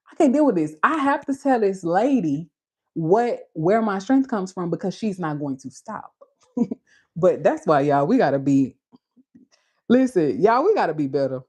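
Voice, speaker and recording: A woman with a Caribbean Creole accent hosting a casual, animated Bible talk, with a husky voice and frequent laughter. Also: fairly low pitch. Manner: animated, preachy, laughs often. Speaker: beauty channel host.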